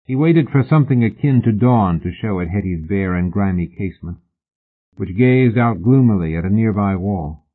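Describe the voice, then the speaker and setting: A man narrating an audiobook in a measured, literary manner. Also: lowish voice, expressive. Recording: husky voice on a tinny phone-like line.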